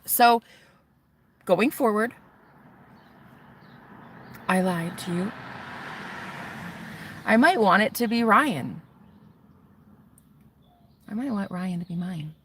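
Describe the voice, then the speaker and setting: A woman's voice: medium pitch, lively intonation, slow, pauses often, fairly bright tone, a little hiss or hum. A woman vlogging in a casual confessional chat, rambling and chatty with lots of fillers. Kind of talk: casual confessional vlog talk.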